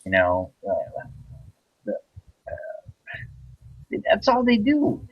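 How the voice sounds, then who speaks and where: A man's voice: high voice, huge pitch swings, drawn-out words, breathy edge, no room sound, dull audio. A man ranting angrily into the camera, heated and repetitive, with frequent swearing. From United States. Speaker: vlogger. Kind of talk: angry rant.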